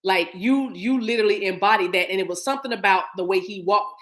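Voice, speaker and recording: A middle-aged woman giving a casual spiritual card reading to viewers, animated and encouraging, acting out little scenes with sounds. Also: medium pitch, quick pace. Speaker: spiritual reader.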